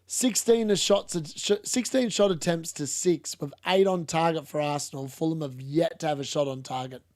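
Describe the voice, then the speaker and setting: A man's voice: fairly high pitch, moderate pace, a little mellow, no room sound, clean studio sound. A young man streaming a live football watchalong, chatting casually, laughing and reading out chat. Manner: casual, chatty, laughs often, uses "mate".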